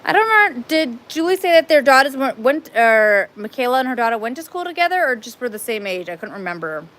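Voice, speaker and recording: A woman's voice: on the high side, sing-song, quick pace, fairly bright tone. Chatty woman hosting a live stream. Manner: chatty, rambling, laughs easily. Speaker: cat sanctuary live-stream host. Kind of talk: casual live-stream chat. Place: outdoor cat playground at a sanctuary.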